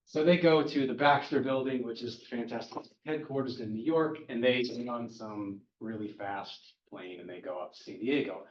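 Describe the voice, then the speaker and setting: A man's voice: medium pitch, moderate pace, hardly any pauses, slight background noise. A man casually recapping a comic book plot in a chatty, wry way. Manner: chatty, wry, speeding through plot points. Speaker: podcast host recapping a comic. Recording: roomy, distant, dull-sounding mic.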